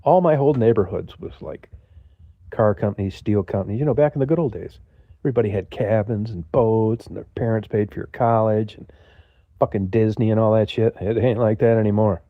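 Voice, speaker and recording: A man's voice: on the low side, a little fast, no echo, narrow, tinny audio. An older man from the United States hosting a livestream, rambling casually with lots of swearing and talking to viewers in the chat. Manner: profane, gruff, talks to chat viewers. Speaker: livestream host.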